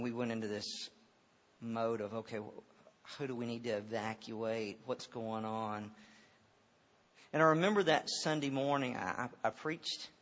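A middle-aged male pastor preaching a sermon in a church auditorium, moving from loud, impassioned preaching to hushed storytelling. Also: fairly low pitch, slightly rough. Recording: dull reverberant hall sound.

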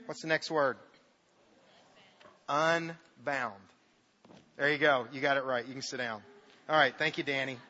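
Middle-aged pastor, male, bright forceful delivery, dramatic storytelling, long hall reverb. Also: medium pitch, unhurried, pauses often. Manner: dramatic, jokey storytelling, reads scripture with big emphasis. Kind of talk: sermon. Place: church sanctuary. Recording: dull reverberant hall sound.

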